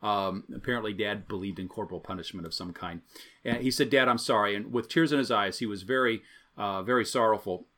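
A man's voice: on the low side, fairly quick, fairly bright tone. A man, a pastor, preaching an evening sermon in a conversational, storytelling way, repeating his key phrases.

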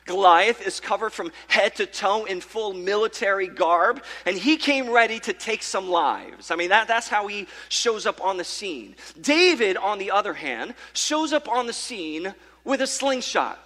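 High-voiced, bright pastor in a hall. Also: male voice, unhurried. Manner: animated storytelling, fillers and repeated restarts. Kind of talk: sermon. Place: church sanctuary. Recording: reverberant church hall.

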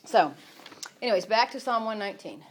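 A woman's voice: on the high side, animated, fairly quick, noisy background. A woman teaching from the Bible in a casual, rambling devotional style. She often breaks off and restarts her sentences. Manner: chatty, rambling, self-interrupting.

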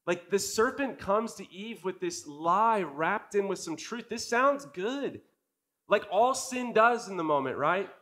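A man's voice: sits high, lively intonation, measured pace, hardly any pauses, fairly bright tone. A man in his thirties giving a sermon in a conversational, earnest way, often asking the congregation questions. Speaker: part-time preacher.

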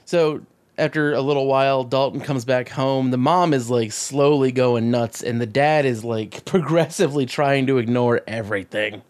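A man co-hosting a casual chat, recapping a film with swearing, jokes and quick acted-out voices. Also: medium pitch, darkish tone. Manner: profane, jokey, acts out quick voices mid-recap. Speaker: podcast co-host.

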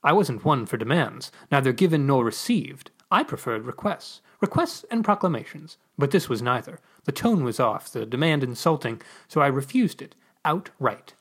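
Lively, expressive story reader. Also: medium pitch, normal speed, few pauses, slightly rough. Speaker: writer and podcast co-host. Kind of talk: reading his own story aloud.

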